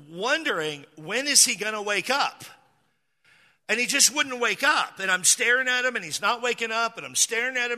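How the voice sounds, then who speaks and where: Bright-voiced male preacher in echoey hall. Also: high-pitched. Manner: conversational storytelling with humor and repeated restarts. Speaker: pastor. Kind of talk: sermon. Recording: echoey hall with long reverb.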